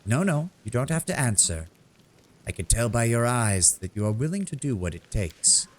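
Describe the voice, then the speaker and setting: A man voicing a shrewd, worldly male kobold bard in a video game, speaking in a measured storytelling way. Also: medium pitch, big pitch swings, voice pushed up. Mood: sly. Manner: measured storytelling, grows sonorous and dramatic. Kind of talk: reading game dialogue aloud.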